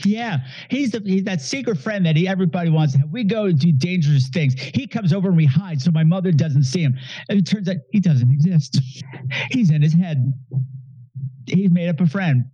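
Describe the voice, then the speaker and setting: A man's voice: high voice, fairly quick, warm tone, breathy edge, no echo. A man co-hosting a casual film review chat in a laid-back way, laughing and riffing. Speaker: podcast co-host. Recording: dry, dull mic.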